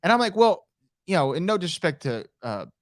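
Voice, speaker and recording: Man, podcast co-host, playful, teasing, slightly high voice, dry sound. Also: very animated, fairly quick, dry recording. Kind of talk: casual podcast chat.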